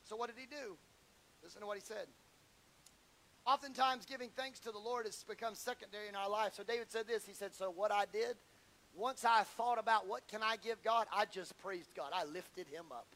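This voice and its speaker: A male pastor preaching a sermon, swinging between rising shouts and lower, mock-quoting asides. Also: normal speed. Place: church sanctuary.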